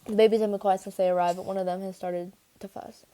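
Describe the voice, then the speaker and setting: A woman reading a first-person young adult novel aloud, steady and clear, with the odd restart. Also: mid-range voice, fast. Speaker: audiobook reader. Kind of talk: first-person audiobook narration.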